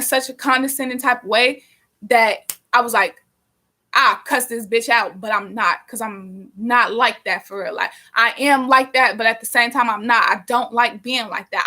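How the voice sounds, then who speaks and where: Young woman, bright and fairly high voice, chatty live-stream storyteller, swears freely. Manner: animated, profane, rambling with many fillers. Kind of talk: casual storytelling.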